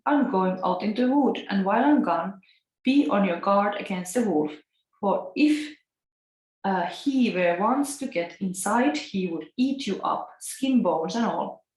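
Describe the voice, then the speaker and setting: A woman's voice: medium pitch, lively intonation, measured pace, darkish tone, lightly acted. Woman reading as a caring mother goat with a Finnish-Italian accent. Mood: warning. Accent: Finnish with Italian tinge. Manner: read aloud plainly from a storybook. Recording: echoey room.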